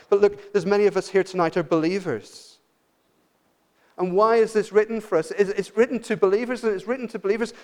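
A man preaching a sermon, moving from emphatic, raised points to quiet, pleading appeals. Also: sits high. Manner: passionate, swings from loud emphatic to hushed pleading.

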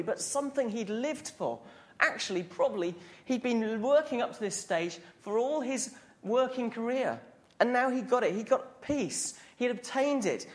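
A man preaching a sermon to a congregation in a questioning, conversational way. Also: very high voice.

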